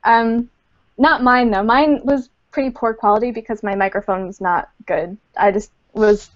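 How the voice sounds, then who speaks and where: A woman's voice: fairly high pitch, steady tone, moderate pace, dull audio. A woman, a game studio community manager, chatting casually in an interview with many fillers and frequent laughs, over a computer microphone.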